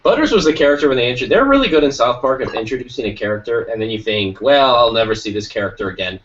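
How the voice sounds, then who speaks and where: A man's voice: mid-range voice, lively intonation, fast, a bit bright, a little hiss or hum. A man hosting a podcast in casual chat, rambling along and swearing now and then. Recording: lo-fi, distant from the mic.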